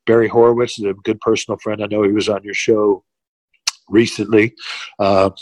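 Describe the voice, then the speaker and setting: An older man recalls his days on the road as a wrestler, talking in a loose, rambling way full of "you know" and restarts. His voice sits a little low. The recording is dry and close, with no room sound. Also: flat delivery, moderate pace, a little mellow, no echo, poor audio. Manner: rambling, many fillers and restarts. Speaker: former pro wrestler, guest. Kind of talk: casual interview storytelling.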